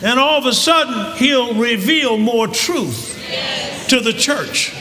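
A male pastor preaching a sermon, shouting and repeating words as he builds up. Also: very high voice, expressive, slow pace, crowd noise. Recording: echoey hall with audience noise.

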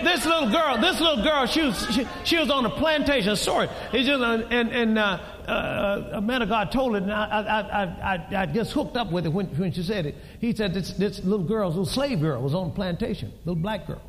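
A pastor preaching a sermon in a church, swinging between quiet storytelling and shouted emphasis. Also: male voice, high-pitched, brisk, a little hiss or hum. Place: large church hall. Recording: reverberant church hall.

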